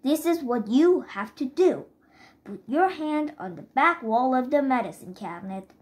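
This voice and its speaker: A woman's voice: sits high, animated, a little slow. A woman reading the lines of a flustered, exasperated middle-aged father in a storybook.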